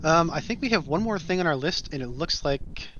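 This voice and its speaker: A man's voice: a little high, animated, fairly quick, fairly bright tone, dull audio, slight background noise. A man co-hosting a casual tabletop gaming chat, chiming in often with short agreeing interjections. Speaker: co-host. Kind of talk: casual podcast chat about tabletop role-playing.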